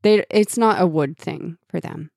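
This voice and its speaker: A woman's voice: fairly low pitch, measured pace, vocal fry, warm tone, no room sound, clean studio sound. A woman co-hosting a casual book podcast, talking animatedly about a novel and sometimes reading passages aloud. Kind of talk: casual chat.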